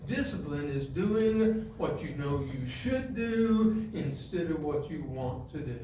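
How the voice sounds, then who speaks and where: Male preacher, sermon, high voice, distant mic, long echo, faint room noise. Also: lively intonation, slow pace. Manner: swings from quiet, low asides to loud, high emphatic preaching; acts out stories and gives the congregation physical directions.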